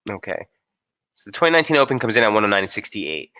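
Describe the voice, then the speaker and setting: Low-voiced man explaining trading charts. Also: sing-song, fast talker, sharp tone, muffled recording. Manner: casual, thinking aloud with frequent fillers and restarts. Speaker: trading webinar presenter. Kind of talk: live chart analysis webinar.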